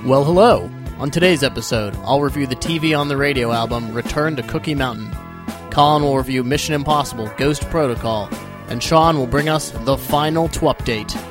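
A man's voice: mid-range voice, a little fast, over music. A young man hosting a casual podcast, telling rambling, joking stories into a close microphone. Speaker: podcast host. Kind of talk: casual chat.

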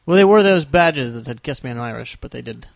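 A man's voice: mid-range voice, lively intonation, quick pace, creaky, no room sound. A young man hosting a casual podcast, telling rambling, joking stories into a close microphone. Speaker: podcast host. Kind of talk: casual chat.

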